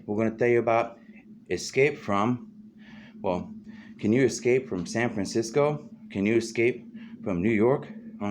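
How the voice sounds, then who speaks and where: A man hosting a rambling, casual monologue, free-associating and peppering his talk with "you know" and "man". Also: lowish voice. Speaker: host. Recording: noisy background.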